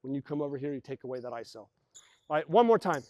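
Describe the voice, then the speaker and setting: In an indoor basketball gym, a fast-talking man with a mid-range voice coaches his team through plays. He's energetic, explaining moves, calling out actions and imitating his players' voices.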